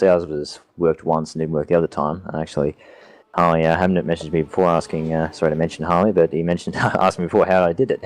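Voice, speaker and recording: A man's voice: deep voice, darkish tone, no room sound. An Australian man chatting casually as a co-commentator on a race broadcast, laughing often.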